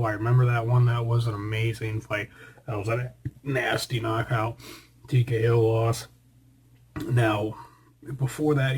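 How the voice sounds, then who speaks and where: Husky man rambling through fight picks. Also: medium pitch, mellow. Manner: rambling, chatty, joking asides to a co-host. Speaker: host of a fight prediction show. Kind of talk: casual fight prediction talk.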